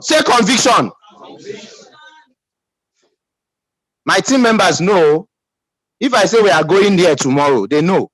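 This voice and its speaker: Nigerian English man, team leader, emphatic pep talk, high and animated, dry sound. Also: dry recording, low-quality recording. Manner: emphatic, calls for audience responses.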